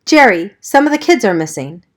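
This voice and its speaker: A woman's voice: mid-range voice, very animated, fairly quick, lightly acted. Woman reading as a frantic worried mother. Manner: anxious, urgent. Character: worried mother searching for missing kids.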